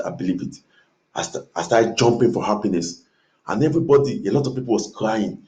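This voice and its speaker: A man's voice: fairly low pitch, quick pace, dark tone. A man dramatically telling a dream, imitating trumpet blasts with his voice and repeating phrases for emphasis.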